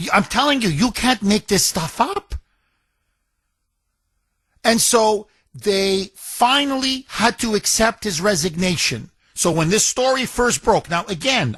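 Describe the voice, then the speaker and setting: Mocking high-voiced male talk radio host. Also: a bit bright, husky, no echo. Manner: mocking, indignant, mimics others in a whiny voice. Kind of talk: opinionated talk radio monologue.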